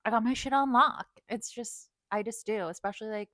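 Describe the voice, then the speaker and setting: A woman's voice: fairly high pitch, a little fast, a bit bright, no room sound. A woman in her thirties telling a storytime rant in casual talk, full of fillers, swearing and laughs. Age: 30s. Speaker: vlogger.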